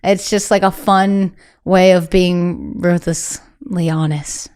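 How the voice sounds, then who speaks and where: A woman's voice: on the low side, fairly even intonation, slow pace, darkish tone, clear, resonant tone. A young woman talking candidly as an interview guest, chatty and full of "like" fillers, acting out the voices she quotes. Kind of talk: casual interview chat.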